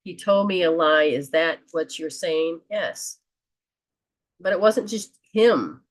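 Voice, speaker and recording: Slow earnest woman giving a spiritual reading. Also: on the low side. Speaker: host and metaphysician.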